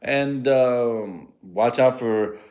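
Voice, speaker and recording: An American man whose first language was Spanish rambles through a solo comedy podcast, swearing freely and giggling at his own jokes. His pitch sits in an ordinary middle range, and he records in his home garage. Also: very slow, a little mellow. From United States. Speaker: podcast host.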